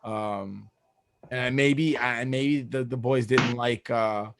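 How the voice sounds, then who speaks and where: A man's voice: medium pitch, fairly even intonation, takes it slowly, background noise. A man co-hosting a casual sports podcast, rambling and profane with a joking streak. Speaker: podcast co-host.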